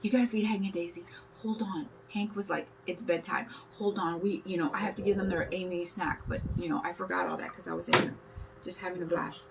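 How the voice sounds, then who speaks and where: A woman's voice: lowish voice, lively intonation, fast, creaky, noisy background. A woman in her fifties hosting a live craft tutorial, chatting in a bubbly, rambling way and greeting viewers by name as she works. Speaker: craft livestream host.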